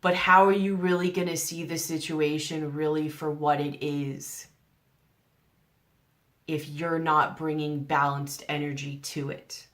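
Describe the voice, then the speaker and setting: Woman, tarot reader, deep-pitched voice, earnest, coaxing, rhetorical questions. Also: flat delivery, a little slow, fairly bright tone. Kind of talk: general tarot reading to camera.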